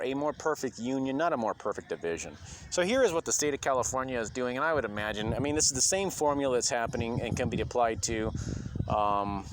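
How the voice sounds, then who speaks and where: A man's voice: mid-range voice, a little hiss or hum. A man delivering an indignant, rambling monologue to camera about constitutional rights, full of ums and uhs. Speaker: video commentator.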